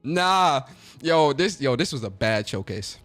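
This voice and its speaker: A man hosting a casual reaction video, talking in excitable slang and laughing a lot. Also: mid-range voice, a little slow, over music. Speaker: host.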